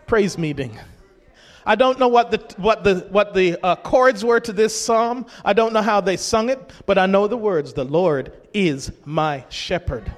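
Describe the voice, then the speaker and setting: High-voiced preacher in a reverberant hall. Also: male voice. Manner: rises into shouts to urge the congregation. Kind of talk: sermon.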